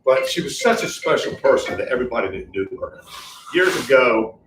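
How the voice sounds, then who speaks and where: A man's voice: medium pitch, big pitch swings, brisk, fairly bright tone. An older man sharing rambling, chuckling stories about a friend at a memorial gathering. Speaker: friend giving a memorial tribute. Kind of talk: informal memorial storytelling. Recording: distant, echoey hall with noise.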